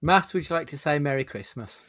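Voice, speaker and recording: A man's voice: a little high, animated, brisk, a bit bright, no room sound. Jokey male podcast host, dry sound. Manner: jokey, swears casually, leads the segments. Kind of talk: casual film-review chat.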